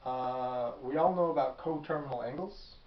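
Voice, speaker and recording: A man's voice: mid-range voice, normal speed. A man teaching math at a whiteboard, talking casually and thinking aloud as he works, correcting himself along the way. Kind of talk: whiteboard lecture. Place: classroom. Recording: echoey classroom, far from the mic, dull.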